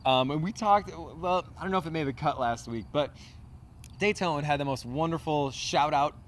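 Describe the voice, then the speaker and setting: A man with a rather high voice co-hosts a sports podcast in loose, joking chat. He swears freely and keeps things casual, over a faint background hiss. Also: moderate pace. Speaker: podcast co-host.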